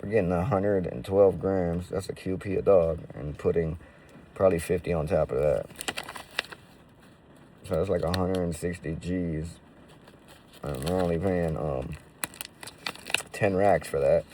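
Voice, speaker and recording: A man's voice: deep voice, measured pace, long pauses, dark tone, far from the mic, slight background noise. A man casually telling stories to camera in profane, slangy street talk full of fillers. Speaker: roofing business owner.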